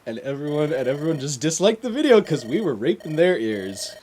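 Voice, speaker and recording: A man's voice: fairly high pitch, very animated, brisk, darkish tone, a little hiss or hum. A man casually commentating a video game playthrough as a guest, rambling and hesitant, with frequent restarts. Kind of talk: casual let's play commentary. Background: video game music.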